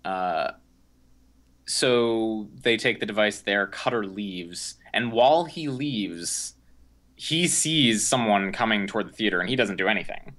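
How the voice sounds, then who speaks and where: A young man co-hosts a podcast, recapping a film in a rambling, casual way full of fillers and restarts. His voice is fairly low, unhurried and a bit bright.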